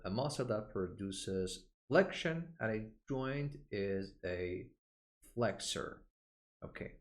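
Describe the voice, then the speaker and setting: Teaching English for medicine, a man with a fairly low voice moves unhurriedly through a textbook vocabulary lesson. He says each key term slowly and deliberately, often repeating it so learners can practice pronunciation. Between points he fills pauses with "uh" and points at the page.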